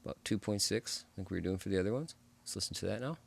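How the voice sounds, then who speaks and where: A man hosting a music production tutorial, explaining step by step in a relaxed, casual way as he works. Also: low voice, fast, vocal fry. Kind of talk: casual screen-recorded tutorial.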